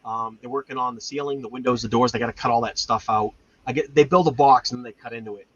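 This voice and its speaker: A man's voice: mid-range voice, fairly even intonation, fast, fairly bright tone, husky. A man, hosting a homestead channel and chatting casually with lots of fillers, in a dull lo-fi recording. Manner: rambling, chatty storytelling with many fillers. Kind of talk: casual chat. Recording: dull lo-fi sound.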